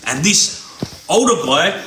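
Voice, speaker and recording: A man's voice: high voice, sing-song, slow, sharp tone, echoey room, slight background noise. A man telling a crime story casually, streetwise, often checking in with "yeah?". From Australia. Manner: streetwise, repeats "yeah?" to listener.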